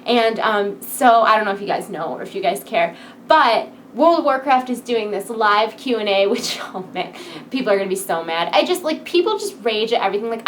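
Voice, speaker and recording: A woman's voice: on the high side, slight background noise. Peppy late-night woman vlogger. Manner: peppy, rambling, giggly. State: wired on coffee late at night. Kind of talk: casual chat to camera.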